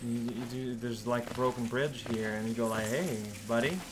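A man's voice: medium pitch, flat delivery, normal speed, noisy background. A man giving casual, playful commentary while playing a video game, rambling and talking to himself and to the characters on screen. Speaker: let's play host. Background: game music.

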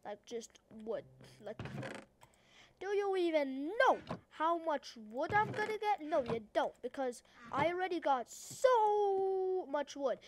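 Hyper high-voiced Australian woman gamer. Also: big pitch swings, takes it slowly, background noise. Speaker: gaming YouTuber. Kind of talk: casual let's-play commentary.

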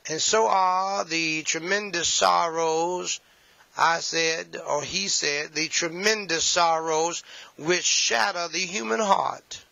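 A man's voice: fairly high pitch, fairly even intonation, slow pace, creaky, sharp tone, dry recording, muffled recording. A man preaching a sermon, emphatic and repetitive, with folksy asides.

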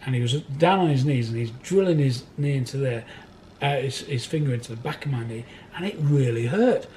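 Man, interview, rambling anecdotes, chuckling storyteller, mid-pitched voice, faint background noise. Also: lively intonation, a little fast, darkish tone. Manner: rambling, laughs through his stories, acts out other people's voices. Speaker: record collector telling stories. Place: record warehouse.

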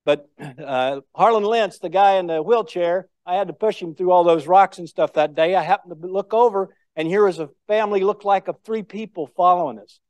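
A man's voice: sits high, normal speed, hardly any pauses, a little mellow, dry recording. An older man giving a speech, telling war stories in a folksy, anecdotal way. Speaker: guest speaker. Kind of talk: storytelling speech.

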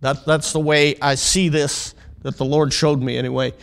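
A man preaching a Bible lesson from the pulpit, drawing out his words and swelling to emphatic, near-shouted peaks between calls of amen. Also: on the high side, level tone, creaky, in a large hall. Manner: preaching with call-and-response asides, rising to loud emphatic peaks; drawn-out, deliberate delivery. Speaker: pastor teaching a Bible lesson. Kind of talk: sermon.

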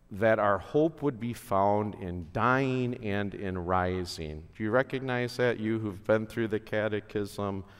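A male pastor giving a chapel sermon at a school, speaking slowly and earnestly with relaxed conversational asides. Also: fairly low pitch, clear, resonant tone. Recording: long hall reverb.

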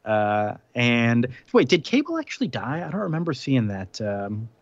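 A man's voice: medium pitch, very animated, dry recording. Chatty man recapping comics, dry lo-fi sound. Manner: rambling recap with frequent fillers and quick laughs. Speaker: podcast co-host recapping comics. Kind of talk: casual chat.

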